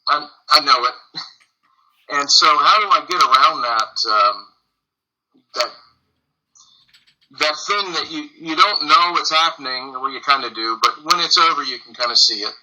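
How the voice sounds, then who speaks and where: A man calling in over a video call, asking a personal question hesitantly, with many pauses and self-deprecating asides. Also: fairly high pitch, expressive, sharp tone, low-quality recording.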